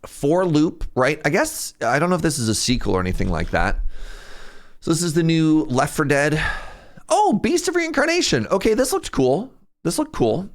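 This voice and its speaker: A young man chatting casually on a live stream, rambling and jumping in pitch when something excites him. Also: moderate pace. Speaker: streamer reacting to a game showcase.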